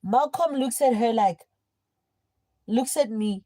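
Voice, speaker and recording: A woman's voice: fairly high pitch, slow, no room sound, rough recording. Woman telling a story. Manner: animated storytelling, swings between hushed and shouting. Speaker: livestreamer. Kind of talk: casual storytime chat.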